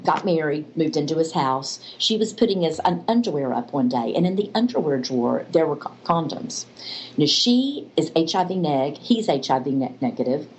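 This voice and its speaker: A woman with a fairly low voice tells a counseling story in an interview. She acts out the people in her story with a lively manner. A faint hiss of background noise sits under her voice. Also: rough recording. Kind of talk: storytelling in a faith-based interview.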